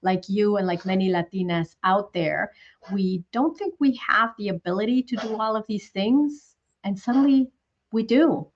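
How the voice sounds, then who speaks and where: A woman's voice: medium pitch, normal speed. A woman hosting an interview, speaking reflectively with frequent restarts and repeated words. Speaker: host. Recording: dull lo-fi call audio.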